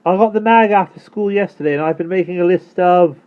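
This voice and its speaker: Eager schoolboy calling out loud, high and bright, as a male narrator does him. Tinny phone-like sound. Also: a little fast, clean tone, close to an everyday voice. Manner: shouting back eagerly. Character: cheerful eager schoolboy on a bike.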